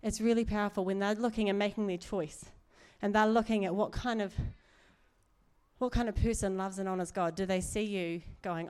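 A woman's voice: mid-range voice, steady tone, normal speed, darkish tone, clear, resonant tone. A middle-aged woman preaching in a chatty, earnest way, with asides and laughs. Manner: conversational, earnest, laughs often, many asides. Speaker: church speaker. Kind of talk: sermon.

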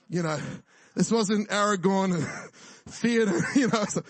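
Male preacher, high voice, dry close sound, casual humor. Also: a little slow, dry recording. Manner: jokey, conversational preaching with frequent "right?" and laughs. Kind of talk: sermon.

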